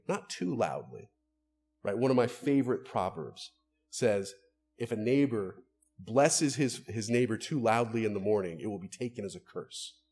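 A man's voice: on the low side, a little mellow, husky. A man, a pastor, preaching an earnest, conversational sermon and asking his listeners rhetorical questions.

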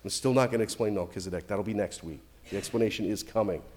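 A middle-aged male pastor preaching a sermon, animated and emphatic, with swings between loud and quiet. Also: fairly low pitch, quick pace. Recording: long reverb from a hall.

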